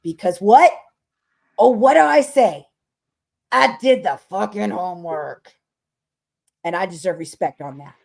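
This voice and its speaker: A woman's voice: medium pitch, animated, measured pace, gravelly, long pauses, darkish tone. A woman hosting a podcast, telling a story in a casual rant that is profane, emphatic and dramatic. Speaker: podcast host.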